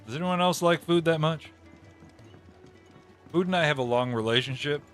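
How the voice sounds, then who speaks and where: A man's voice: a little high, normal speed, fairly bright tone, faint music behind. Joking man streaming a game. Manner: joking, thinking aloud. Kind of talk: live gameplay commentary.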